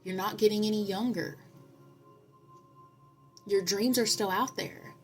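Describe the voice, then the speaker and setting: A woman's voice: medium pitch, fairly even intonation, soft background music. Earnest woman giving a spiritual tarot reading. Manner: earnest, preachy, speaks in repeated affirmations; tells stories with drawn-out, dramatic pauses. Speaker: tarot reader.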